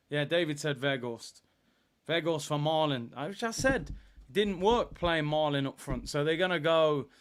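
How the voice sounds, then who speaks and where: Hosting a live football watchalong, a young man reads out viewers' comments and reacts to the match. His voice is slightly high for a man, and he shifts between relaxed banter with chat and loud bursts of excitement.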